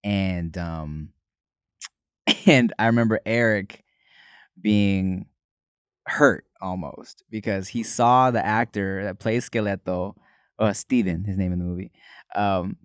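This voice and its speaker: A man's voice: low voice, slow, long pauses, clean tone, no room sound, clean studio sound. A man co-hosting a podcast, telling rambling stories full of fillers, laughing as he goes. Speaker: podcast co-host. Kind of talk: casual chat, storytelling.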